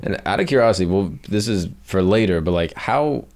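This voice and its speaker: A man hosting a podcast, chiming in with short reactions and relaxed questions. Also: low-pitched, brisk. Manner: brief interjections and relaxed questions. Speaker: podcast host. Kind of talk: casual interview chat.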